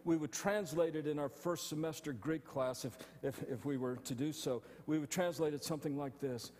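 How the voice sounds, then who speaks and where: Pastor guy preaching, kinda high voice, lively, long church echo. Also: normal speed, hardly any pauses. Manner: animated, stumbling restarts, acting out quotes. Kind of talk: sermon. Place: church sanctuary.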